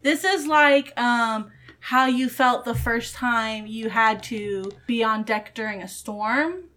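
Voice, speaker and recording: A woman narrating as game master of a tabletop game, giving rulings in an animated way with quick restarts. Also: fairly high pitch.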